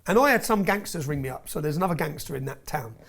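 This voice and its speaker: Man, interview guest, gravelly, emphatic, heated storytelling. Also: a little high, expressive, fast talker, fairly bright tone. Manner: intense, emphatic, keeps tagging lines with "yeah?".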